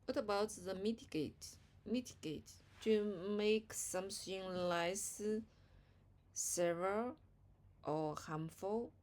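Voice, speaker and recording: A woman's voice: medium pitch, slow pace, a little mellow. A woman whose first language is Chinese, practicing English words hesitantly and repeating them to check pronunciation. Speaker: English learner. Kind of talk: vocabulary practice.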